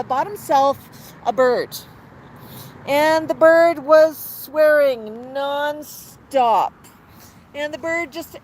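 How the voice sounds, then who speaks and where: High-voiced woman chatting on a patio. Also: rough recording. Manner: chatty, laughing, talks to her bird. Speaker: livestream host with her parrot. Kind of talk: casual chat with joke telling. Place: outdoor patio. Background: faint street traffic.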